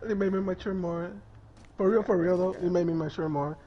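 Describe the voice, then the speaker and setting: A man's voice: high-pitched, steady tone, brisk, muffled recording, over a noisy crowd. A man telling a story in casual chat on a stream, crude and rambling, laughing as he goes.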